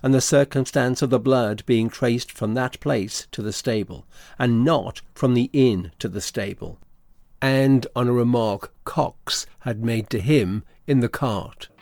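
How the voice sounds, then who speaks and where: A man narrating a classic novel as an audiobook, with a steady, even storytelling delivery. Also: medium pitch, a little slow, no room sound.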